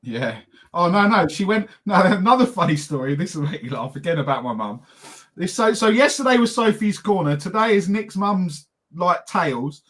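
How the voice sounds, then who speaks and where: A man's voice: high-pitched, lively intonation, a bit bright. A man co-hosting a podcast, telling family stories and ranting in a casual, chatty way. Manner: storytelling, ranting, quick and chatty. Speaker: podcast co-host. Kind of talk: casual chat.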